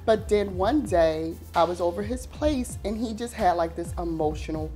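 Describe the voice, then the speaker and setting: A woman's voice: fairly low pitch, normal speed, mellow, soft background music. A woman telling a candid personal story in a group discussion, chatty and full of "you know".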